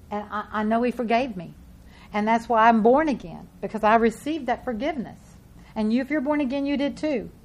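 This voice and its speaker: A woman preaching a sermon and reading scripture aloud, swinging between loud emphasis and hushed, soft lines. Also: on the high side.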